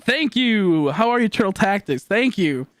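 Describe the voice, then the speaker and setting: A man talking casually to his live-stream chat, telling stories in an animated, rambling way and laughing often. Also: high-pitched, moderate pace, no room sound, clean studio sound.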